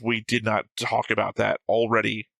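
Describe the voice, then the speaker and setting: A man with a gravelly, bright and forceful voice, talking casually and teasing his co-host. He explains his reasoning at length. The sound is dry and close. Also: lowish voice, monotone, normal speed, no room sound. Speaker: co-host of an anime reaction show. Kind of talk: casual chat.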